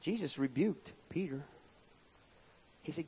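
A man's voice: on the high side, sing-song, a little slow, a little hiss or hum. A man preaching a sermon with a sing-song cadence that swings up and down, reading scripture aloud in a church hall. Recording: dull lo-fi sound with long hall reverb.

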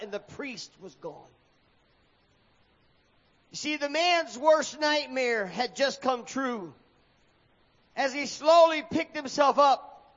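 A man preaching a sermon, telling a story dramatically and acting out the characters' cries. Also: very high voice. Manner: dramatic, acts out shouted lines. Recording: dull echoey hall recording.

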